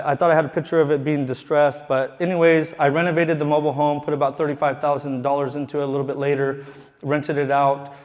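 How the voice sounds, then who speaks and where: A man's voice: a little high, lo-fi sound. A man who is a real estate investor tells a casual, profane story to a live audience in a room, laughing as he goes. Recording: long hall reverb.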